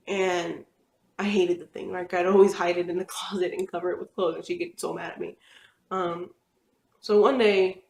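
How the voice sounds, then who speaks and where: Young woman, casual rambling storyteller, mid-pitched voice, roomy echo. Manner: rambling, chatty, with frequent fillers and laughs. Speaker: vlogger telling personal stories. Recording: echoey room.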